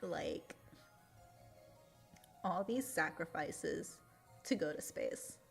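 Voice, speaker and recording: A young adult woman streamer chatting casually, emotional and quick to laugh. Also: deep voice, gravelly. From Latin America. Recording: faint music behind.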